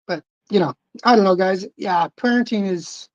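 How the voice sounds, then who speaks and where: A woman's voice: medium pitch, dry recording. A woman in casual podcast chat, frank and profane, laughing easily. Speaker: podcast co-host. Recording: dull lo-fi audio.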